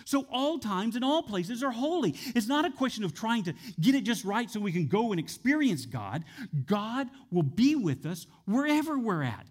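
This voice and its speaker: Guy preaching, high voice that swings all over, leans on words hard. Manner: animated, repeats lines with shifting emphasis. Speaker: pastor. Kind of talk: sermon.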